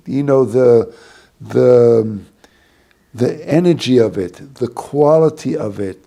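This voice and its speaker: A man's voice: medium pitch, creaky, mellow. A man, a rabbi, giving an informal talk to a small group, rambling through a story with many restarts.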